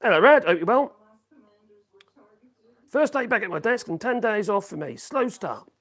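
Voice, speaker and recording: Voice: mid-range voice, sing-song, normal speed, a bit bright, slightly rough. A live-streamer rambling casually while reading out chat messages, humming and chuckling between thoughts, speaking into a phone in a home workshop. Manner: rambling, hums to self, frequent chuckles.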